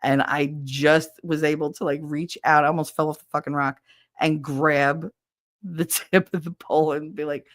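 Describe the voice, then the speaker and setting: A woman's voice: low voice, steady tone, normal speed, no room sound, studio quality. A middle-aged woman hosting a stream, telling a funny story in a casual, profane way and mimicking other people with squeals. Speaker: stream host.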